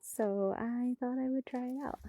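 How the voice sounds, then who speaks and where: A woman's voice: on the high side, fairly even intonation, measured pace, warm tone, no room sound. A woman on a live stream from a mountain trail, out of breath from walking uphill, chatting casually and using baby talk with her dogs. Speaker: dog owner vlogger. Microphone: phone held selfie style.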